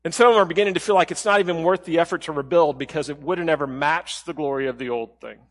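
A man preaching a sermon as a pastor, talking in a conversational way and dropping to a soft low voice when he quotes. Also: quick pace, big-room sound.

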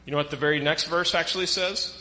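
Pastor guy preaching, bright forceful voice, big echoey church hall. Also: fairly high pitch, quick pace. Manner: animated, reads scripture aloud with emphasis. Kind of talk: sermon.

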